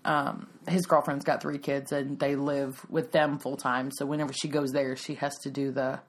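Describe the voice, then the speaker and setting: A woman's voice: rumbling low, moderate pace. A woman, telling stories in a casual chat, laughing often and acting out the voices of others. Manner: animated storytelling, laughs often, acts out voices.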